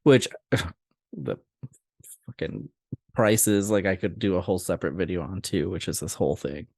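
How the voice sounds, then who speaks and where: A young man co-hosting a podcast, chatting casually and laughing often as he tells animated stories. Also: low-pitched, moderate pace, vocal fry, no echo, clean studio sound. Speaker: podcast co-host. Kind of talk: casual chat.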